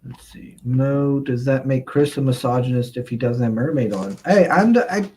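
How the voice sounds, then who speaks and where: A man's voice: mid-range voice, normal speed, a little mellow, slight background noise. A man hosting a livestream, chatting casually and reading viewer comments aloud, rambling and chuckling often. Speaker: livestream host.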